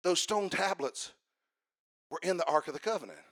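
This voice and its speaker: A man preaching a sermon to a congregation, building to fervent shouts and calling for responses. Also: a little high, big pitch swings, normal speed, dry recording, clean studio sound. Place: church service.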